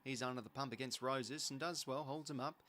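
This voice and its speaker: An Australian man hosts a live football watch-along, calling every passage of play in a quick, chatty way. He gets excitable when the action picks up, with a mid-pitched voice. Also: a little hiss or hum. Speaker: host.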